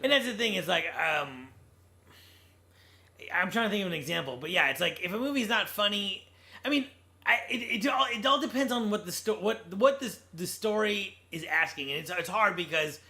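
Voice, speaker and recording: A high, bright male voice that talks in a loose, rambling way. He thinks aloud about comedy and movies and often restarts in the middle of a sentence. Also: normal speed. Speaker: podcast co-host. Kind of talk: casual movie discussion.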